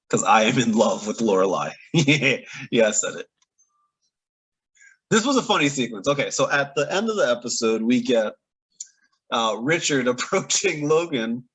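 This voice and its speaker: Husky guy doing a chatty tv recap, voice bouncing all over, keeps laughing mid-rant. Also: mid-range voice, poor audio. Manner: animated, opinionated, laughs between points. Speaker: TV recap reviewer. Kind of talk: casual reaction review.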